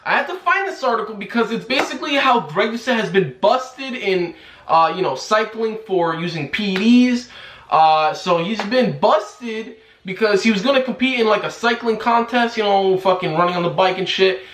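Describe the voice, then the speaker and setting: A man's voice: high-pitched, expressive, normal speed, a bit bright, a little hiss or hum. Heated, profane young man in echoey room. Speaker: YouTube commentator. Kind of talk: ranting commentary vlog.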